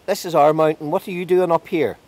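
A man voicing a cranky male king of the fairies who shouts and scolds impatiently. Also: medium pitch, big pitch swings, moderate pace, slightly rough, pitched above the performer's own voice. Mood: indignant.

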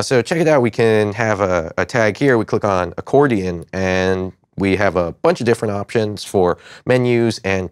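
A man's voice: lowish voice, smooth, no echo, studio quality. A man co-hosting a casual web tech news show, upbeat and joking as he runs through links. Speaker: co-host.

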